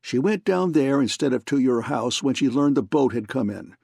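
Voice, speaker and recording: A man's voice: medium pitch, animated, normal speed, gravelly, a little mellow, breathy edge, no echo, studio quality. A man reading an audiobook, voicing a surly, stubborn hard-boiled private detective who speaks curtly.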